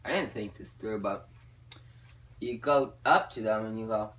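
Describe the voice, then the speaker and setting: A young man giving joking advice in a rambling, deadpan comedy vlog, a little away from the mic. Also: fairly low pitch, distant mic. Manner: deadpan, rambling, drawn-out delivery. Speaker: vlogger giving joke advice.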